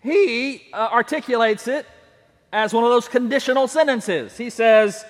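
High-voiced preacher in a reverberant hall. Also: male voice, unhurried. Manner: animated, leads call-and-response with congregation. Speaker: pastor. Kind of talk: sermon. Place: church sanctuary.

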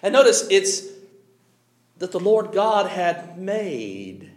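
A male preacher giving a sermon in an animated way, chuckling often and pausing with emphasis. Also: high-pitched, reverberant.

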